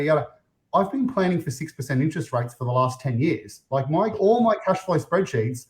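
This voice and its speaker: An Australian man hosting a casual property investing podcast, chatty and quick to act out what his clients say. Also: a little high. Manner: chatty, acts out clients' voices.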